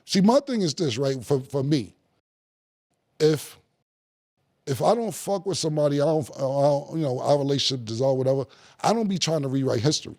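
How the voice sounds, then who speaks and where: A middle-aged man, a guest in a podcast studio, telling stories in a casual, animated way with plenty of slang and profanity and acting out other people's lines. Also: fairly high pitch, fairly quick. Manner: animated, acts out quoted dialogue, heavy slang and profanity. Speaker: guest rapper in a studio conversation. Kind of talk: casual storytelling.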